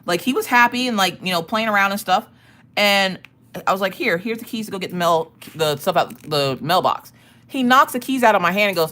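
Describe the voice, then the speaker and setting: A woman host telling a family story in casual chat, profane and animated, often laughing. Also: lowish voice, brisk. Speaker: streamer and craft channel host.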